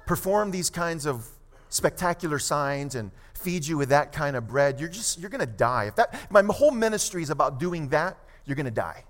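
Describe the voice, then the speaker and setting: A man preaching a sermon as pastor, emphatic, with quick asides and slow, stressed phrases. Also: on the high side, lively intonation. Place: church sanctuary. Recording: long hall reverb.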